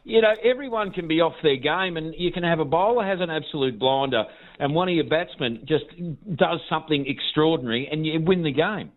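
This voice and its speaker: A man's voice: fairly high pitch, animated, fairly quick. Male guest, upbeat sports chat, phone-line audio. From Australia. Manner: enthusiastic, repeats himself.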